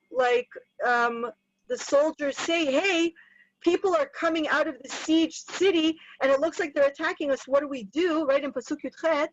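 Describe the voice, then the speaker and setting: A woman teaching a casual Torah lesson, chatty and lively, tossing in Hebrew terms and quick asides. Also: high-pitched, no room sound, muffled recording. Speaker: Bible teacher.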